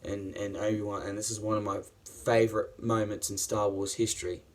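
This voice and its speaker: A man's voice: on the low side, little pitch movement, fairly quick. A man reviewing a series in a casual, enthusiastic, rambling way, swearing often and using many fillers.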